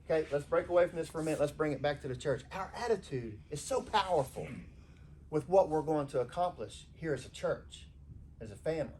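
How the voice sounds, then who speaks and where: A man delivers an informal sermon in a church, his pitch rising and falling in lively arcs. His voice sits a little high for a man, and he slips into playful voices when he quotes people. A faint hum of the room sits underneath. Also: fairly quick. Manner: animated, conversational, acts out quoted voices. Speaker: pastor. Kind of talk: informal sermon to a small congregation.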